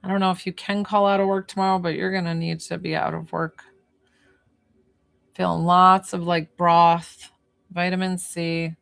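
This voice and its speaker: A woman running a live-streamed energy healing session, talking calmly through breathing and encouragement with chatty asides. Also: on the low side, normal speed, gravelly. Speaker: spiritual healer on a livestream.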